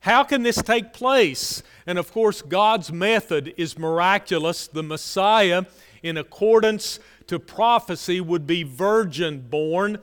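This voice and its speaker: A man preaching a sermon, earnest and repetitive, pressing key phrases and then dropping to a soft, low delivery. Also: lively intonation, slow pace, clear, resonant tone, in a large hall. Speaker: pastor.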